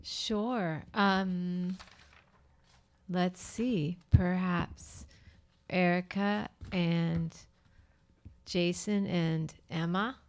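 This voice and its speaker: Woman, seminar participant, slow pace, smooth voice, deliberate. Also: lowish voice, fairly even intonation, darkish tone. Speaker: seminar participant leading a question. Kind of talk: casual seminar discussion.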